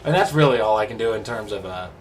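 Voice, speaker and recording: A man's voice: fairly low pitch, expressive, quick pace. A young man chatting in a rambling, easygoing, self-deprecating way as a vlogger. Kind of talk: casual chat. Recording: distant mic with faint background noise.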